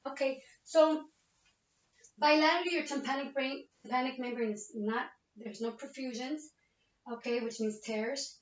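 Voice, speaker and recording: High-voiced woman narrating an exam. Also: normal speed. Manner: explains each step to the patient, checks in with frequent "okay?". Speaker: nursing student doing a practice exam. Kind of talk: narrated physical exam demonstration. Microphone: laptop webcam. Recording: roomy, distant, muffled webcam audio.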